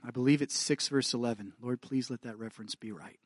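A male pastor with a mid-range voice preaches at a fairly quick pace, earnestly checking in with his congregation. He reads scripture with rising fervor and slips into self-deprecating asides, captured in clean, echo-free studio sound.

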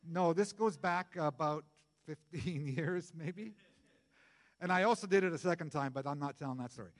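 A middle-aged male pastor preaching a sermon in a conversational, jokey way, jumping from loud bursts to soft asides. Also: a little high, moderate pace, long reverb tail.

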